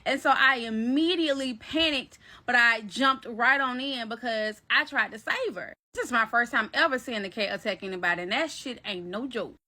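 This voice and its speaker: Bright, animated woman telling a story. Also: on the high side, moderate pace, few pauses. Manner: animated, slangy, addresses viewers directly. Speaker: vlogger. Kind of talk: casual storytime vlog.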